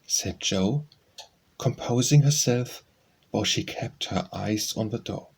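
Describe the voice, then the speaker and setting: A man narrating an audiobook of a classic novel in a steady, measured reading. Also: lowish voice, gravelly, breathy edge, poor audio. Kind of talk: scripted narration.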